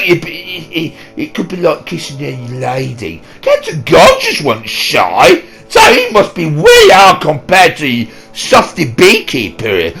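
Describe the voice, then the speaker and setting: A young man with a Yorkshire accent bickering and joking through improvised comedy banter, often shouting and squabbling. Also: a little high, huge pitch swings, measured pace, vocal fry, soft background music, rough recording. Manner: rowdy, squabbling, swears mildly. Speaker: channel host.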